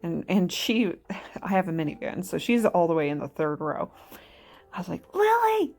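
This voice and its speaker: A woman's voice: lowish voice, normal speed, darkish tone, faint music behind. A woman in her thirties, a mother chatting casually over her video, rambling and laughing often at herself. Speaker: mother vlogger.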